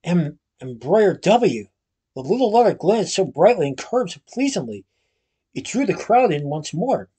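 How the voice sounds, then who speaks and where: A man reading a children's storybook aloud at a steady pace, occasionally restarting a phrase. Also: high voice, moderate pace, husky. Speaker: storybook reader.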